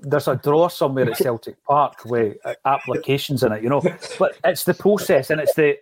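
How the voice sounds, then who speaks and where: Male podcast host, emphatic and animated, dry close-miked sound. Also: mid-range voice, moderate pace, hardly any pauses, breathy edge, no echo. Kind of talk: casual football chat.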